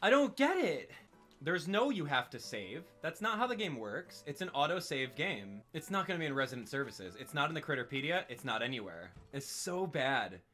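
A man giving live commentary on a game stream, excitable and exclaiming as he rants in frustration. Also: medium pitch, a little fast, few pauses, soft background music.

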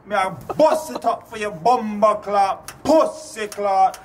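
This is a brash young tough guy with a fake Jamaican accent, as a man puts him on. He boasts loudly with slurred words, pitched far above the speaker's own voice, and the recording carries clear background noise. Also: takes it slowly. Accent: put-on Jamaican.

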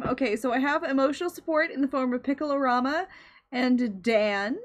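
Bubbly high-voiced woman streamer. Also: moderate pace. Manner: bubbly, squealing greetings. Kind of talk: casual live-stream chat.

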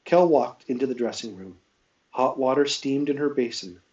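A man reading a novel aloud live, telling it at a steady pace with small self-corrections. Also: mid-range voice, moderate pace, recorded from a distance, muffled recording. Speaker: reader.

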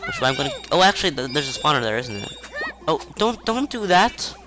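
A man casually commenting on a video game as he plays, chatty and rambling, with self-mocking asides and excited outbursts. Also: medium pitch, fast talker. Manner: excitable outbursts during play. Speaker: video game let's-play host. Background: faint game music.

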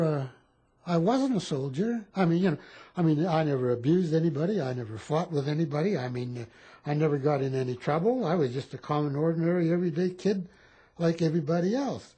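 Husky-voiced man in his eighties. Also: on the high side, a little fast. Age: 80s. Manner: rambling, animated storytelling with repeated phrases. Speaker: war veteran interviewee. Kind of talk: telling war stories in a home interview.

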